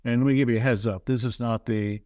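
A man as an interview guest, telling stories in a rambling, halting way with self-deprecating asides. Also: medium pitch, steady tone, dark tone, no room sound. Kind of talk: casual storytelling.

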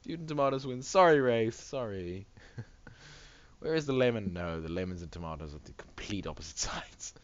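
A man's voice: low-pitched, brisk, muffled recording. A man hosting a game tournament in casual, rambling commentary, laughing often between remarks.

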